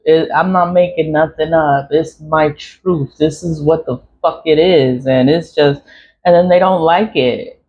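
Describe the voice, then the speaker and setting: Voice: medium pitch, steady tone, unhurried, darkish tone. A spiritual vlogger in a casual, rambling monologue, talking emphatically, repeating phrases and swearing freely. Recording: dull lo-fi recording, faint noise.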